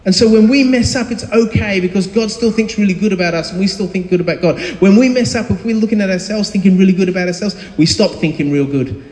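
A man in his thirties preaches a casual, conversational sermon, stopping often with ums and restarts. His voice sits high for a man. The sound carries long reverb from a large, echoey hall. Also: fast talker, hardly any pauses, darkish tone. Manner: conversational, with frequent fillers and restarts. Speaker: pastor. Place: church hall.

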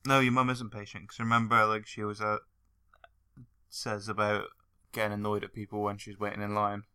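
A man's voice: fairly low pitch, monotone, a little fast, pushed and bright, smooth. A young man co-hosting a podcast in casual chat, easygoing with dry remarks and the odd swear word. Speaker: podcast co-host.

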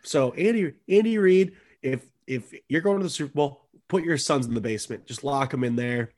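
A man in casual podcast banter, mid-pitched and easygoing. He jokes sarcastically and swears freely while he talks sports with a friend. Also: moderate pace, a little mellow. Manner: profane, sarcastic joking. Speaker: podcast co-host.

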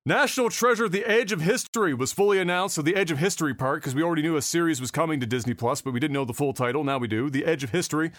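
A talkative man hosting a casual podcast speaks a little high for a man, with a somewhat bright tone. He talks rapid-fire with few pauses, rambling between topics and swearing freely, recorded close and dry with no echo.

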